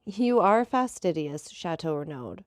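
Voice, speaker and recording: A man's voice: a little high, lively intonation, measured pace, no room sound. A woman voicing a teasing young man making dry remarks. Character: young male dandy, wry teasing friend.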